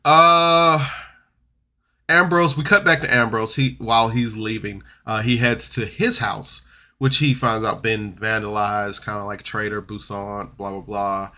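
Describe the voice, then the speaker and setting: A man recapping a tabletop game podcast episode in a loose, rambling way, jumping between loud outbursts and mumbled asides. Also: fairly low pitch, fairly even intonation, unhurried. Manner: rambling, loose, full of "like" and restarts. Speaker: podcast reviewer. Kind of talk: casual recap and commentary.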